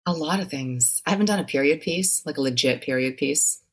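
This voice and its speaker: A woman's voice: sits low, brisk. A woman from Brazil, an actress guest in a casual interview, who talks in a laughing, self-deprecating way.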